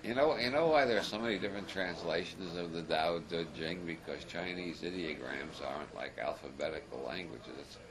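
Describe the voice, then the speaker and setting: A man's voice: sits low, fairly quick, hardly any pauses, a crowd in the background. An older man giving a rambling, humorous talk to a live audience, wry and chuckling, wandering off on self-deprecating asides. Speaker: lecturer. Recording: noisy archival audience recording.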